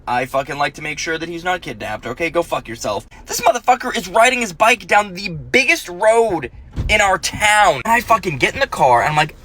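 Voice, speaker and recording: A man's voice: on the high side, bright, forceful tone. A man in his thirties telling profane comic stories about his kids, ranting and acting out their voices. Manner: ranting, swears heavily, acts out his kids' voices. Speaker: comedian and parent. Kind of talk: profane comedic storytelling.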